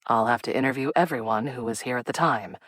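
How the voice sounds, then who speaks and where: A woman's voice: very deep voice, no room sound, voice pushed down. A woman voicing a composed, wryly amused male police detective in an audiobook. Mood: measured. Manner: measured and dry.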